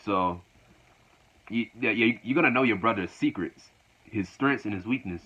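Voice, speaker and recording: A man's voice: lowish voice, moderate pace, pushed and bright, husky. A man recapping a wrestling show casually, in a loose, repetitive retelling. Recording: dull lo-fi recording.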